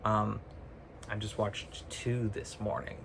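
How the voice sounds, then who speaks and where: A man's voice: lowish voice, little pitch movement, slow pace, vocal fry, noisy background. A man talking casually to camera, ranting with sarcasm, swearing freely and laughing often mid-sentence, recorded on a phone. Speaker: vlogger. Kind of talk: casual chat.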